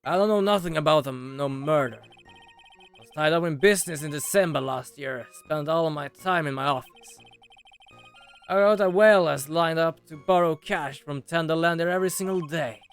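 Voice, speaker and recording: A hot-headed loan-shark thug with a thick Brooklyn accent, growling every threat, voiced by a man reading a game aloud. The voice is rough and menacing, always spoiling for a fight. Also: fairly high pitch, moderate pace, soft background music, lightly acted. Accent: put-on Brooklyn.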